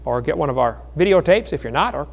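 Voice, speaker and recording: Casting: middle-aged male evangelist, folksy and joking, a touch higher voice. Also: animated, vocal fry. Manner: folksy, joking, dramatic pauses. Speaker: evangelist preacher. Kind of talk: sermon storytelling.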